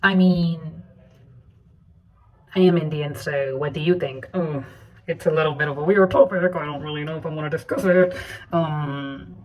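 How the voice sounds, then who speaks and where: A young woman vlogging as she takes a quiz. She reads the questions softly and then rambles through her answers in animated rants. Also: low-pitched, normal speed, long pauses, lo-fi sound. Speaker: YouTuber. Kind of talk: casual vlog chat, taking a quiz.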